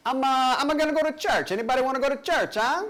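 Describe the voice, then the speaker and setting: A man's voice: very high voice, fairly bright tone, pitched above the performer's own voice. A man doing a comic impression of a chatty Italian man speaking English with an Italian accent. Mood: eager. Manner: exaggerated, sing-song, quick.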